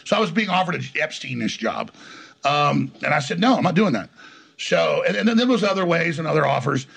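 Middle-aged man, heavy gravel in the voice, breathy husk, combative rambling interview talk, slightly raised pitch. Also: animated, fairly bright tone. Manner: rapid, combative, rambling with frequent restarts. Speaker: interview guest. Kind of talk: heated conversational storytelling.

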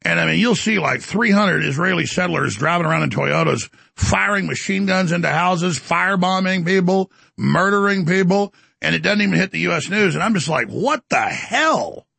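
A man's voice: high-pitched, vocal fry, pushed and bright, slightly rough, no echo. A man hosting a talk show, delivering a heated, boastful political rant and breaking into mocking voices. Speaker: commentary show host.

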